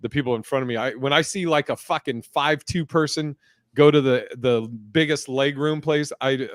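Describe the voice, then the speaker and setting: A man's voice: mid-range voice, moderate pace, dry recording, clean studio sound. A man hosting a podcast, telling stories in casual chat with plenty of swearing. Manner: profane, animated storytelling. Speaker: podcast host.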